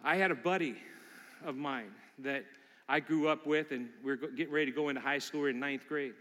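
A middle-aged man preaching as a pastor, telling personal stories in an animated way and acting out the voices in his anecdotes. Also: mid-range voice, fast. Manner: animated, acts out quotes in character voices. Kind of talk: sermon with personal storytelling. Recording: long reverb of a large hall.

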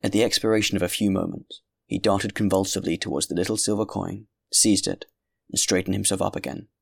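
A man narrating a classic novel in a measured, grave reading voice. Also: sits low, fairly even intonation, vocal fry, husky, dry recording, clean studio sound. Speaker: audiobook narrator. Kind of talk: scripted narration.

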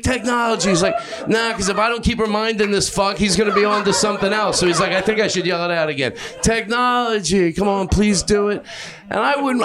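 A man doing improvised stand-up comedy on a club stage, rambling, self-mocking and profane, high on an edible. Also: background noise.

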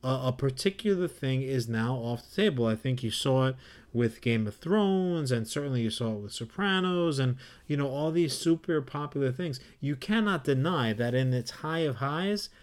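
A man's voice: mid-range voice, animated, moderate pace. Rambling man on a casual podcast. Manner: rambling, teasing, laughs often. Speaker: podcast co-host.

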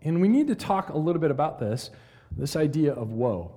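Male Bible teacher, mellow voice on the higher side, lively delivery, big reverberant hall. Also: fairly quick. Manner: animated, asks listeners questions, reads verses dramatically. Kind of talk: conversational Bible lesson.

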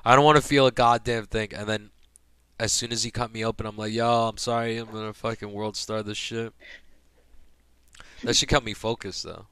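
A man's voice: fairly low pitch, moderate pace, clean tone, no echo. Profane young man telling a wild story. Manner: profane, animated, acts out quotes. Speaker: podcast guest telling a hospital story. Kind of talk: casual storytelling chat.

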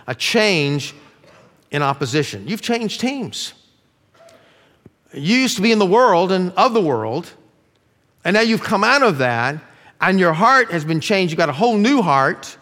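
A middle-aged male pastor preaching a sermon earnestly, dropping his voice low to stress key lines. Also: fairly bright tone. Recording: long reverb of a large room.

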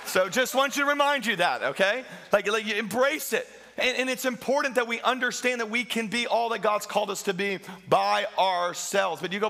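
A man's voice: high-pitched, moderate pace, gravelly, pushed and bright. A middle-aged man preaching a sermon as pastor, emphatic and repeating phrases for stress.

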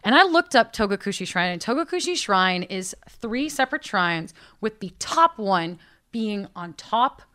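Bright-voiced woman, chatty and animated, recounting a mishap in casual conversation. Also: mid-range voice, normal speed. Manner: animated, self-mocking, lots of fillers. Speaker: podcast guest telling a travel story. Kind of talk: casual storytelling chat.

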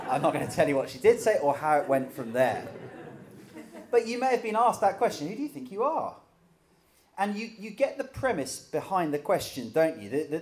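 A man's voice: a little high, a little mellow. A middle-aged man preaching a sermon in a conversational way, with dry humor.

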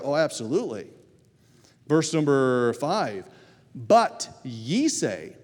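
Guy preaching a sermon, high voice, swings all over, big echoey hall. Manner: animated storytelling, acts out quoted voices. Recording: reverberant hall.

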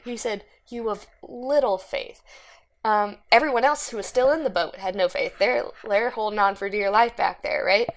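A woman talks through a Bible story in a loose, rambling way. She keeps checking in with her listeners and wanders off on side notes. Her voice sits at a middle pitch for a woman. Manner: rambling, chatty, says "right?" often. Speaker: Bible study speaker. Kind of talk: casual Bible teaching.

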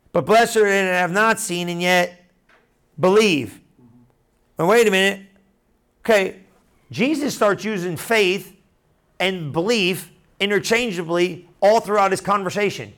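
A man's voice: sits high, normal speed. A man preaching a casual Bible teaching, talking straight to his listeners and acting out scenes in everyday slang. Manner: animated, conversational, acts out Bible scenes in slang.

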